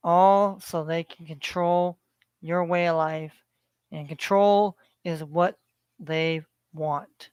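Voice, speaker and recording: A man's voice: on the high side, fairly even intonation, slow, a little mellow, smooth, dry recording. A man delivering a preachy, profanity-laden rant to his viewers, hammering points by repeating them. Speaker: vlogger. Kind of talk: ranting monologue.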